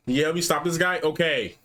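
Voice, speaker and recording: A man co-hosting a movie reaction, chatting casually and laughing often as he reacts. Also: fairly high pitch. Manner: laughs often, animated and playful. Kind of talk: casual chat reacting to a film.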